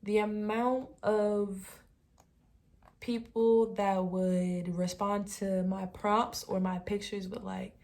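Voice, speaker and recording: A young woman in her twenties vlogging, talking straight to camera in a relaxed, chatty way with soft trailing asides. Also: mid-range voice, slow pace. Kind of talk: casual talking-to-camera commentary.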